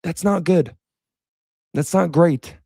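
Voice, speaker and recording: A young man giving a blunt, animated reaction rant as a fan commentator. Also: a little high, takes it slowly, gravelly, husky, no room sound, clean studio sound. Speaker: sports commentator.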